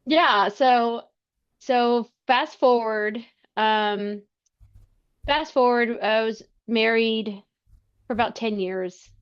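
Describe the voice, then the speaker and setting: A woman's voice: a little high, clean tone. Woman guest on a podcast, earnest, keeps restarting her sentences, kinda muffled lo-fi audio. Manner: earnest, halting, with many restarts. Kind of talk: personal storytelling in conversation. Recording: slightly muffled lo-fi sound.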